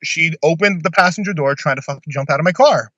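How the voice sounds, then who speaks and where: A man's voice: fairly high pitch, fast, bright, forceful tone, dry recording, dull audio. A man casually telling a long personal story on a podcast, blunt and swearing freely.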